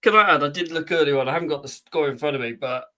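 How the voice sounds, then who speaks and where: A chatty man from the UK, reading out the week's news with plenty of ums and uhs. His voice sits a touch high and comes from a little way off the mic. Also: racing, pushed and bright, recorded from a distance, low-quality recording. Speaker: podcast co-host reading the trade news. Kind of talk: casual chat.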